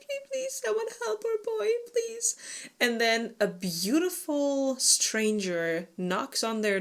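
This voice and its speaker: A woman co-hosting a casual book discussion podcast, animated and swearing freely. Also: medium pitch. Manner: animated, swearing, quick to laugh. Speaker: book club podcast co-host.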